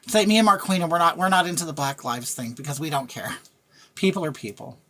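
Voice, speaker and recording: A woman's voice: sits low, lively intonation, quick pace, a bit bright. A woman talking bluntly to her live-stream chat, thanking viewers by name and repeating her points in a ranting way. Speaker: livestreamer reading chat. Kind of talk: casual live-stream rant.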